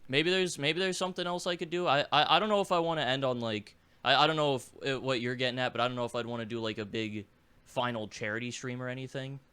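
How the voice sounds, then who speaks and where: A young man co-hosting a podcast in casual chat, hesitant and halting, with a sore throat. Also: mid-range voice, fairly even intonation, sharp tone, clean tone. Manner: hesitant, halting, many restarts. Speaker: podcast co-host.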